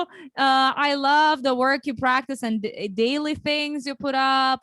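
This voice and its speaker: A woman's voice: fairly high pitch, a bit bright, clear, resonant tone, no echo. A woman hosting a casual livestream interview, chatty and upbeat, often restarting her sentences. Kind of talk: casual chat.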